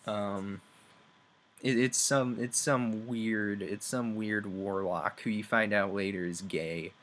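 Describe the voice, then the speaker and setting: A young man giving a rambling, sarcastic comedic game review, acting out characters in quick voices. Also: on the low side, fairly even intonation, a bit bright.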